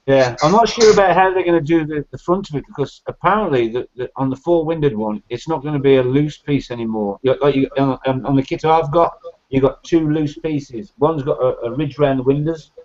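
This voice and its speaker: A man's voice: a little high, brisk, darkish tone. A man chatting casually on a video call, blunt and grumbling. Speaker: hobbyist scale modeler on a video hangout. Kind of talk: casual chat. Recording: dull lo-fi video call audio.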